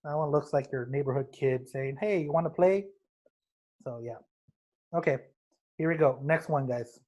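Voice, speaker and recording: A man's voice: medium pitch, steady tone, normal speed, darkish tone. A young adult man teaching a recorded math lesson, explaining steps casually with jokes and calling his students guys.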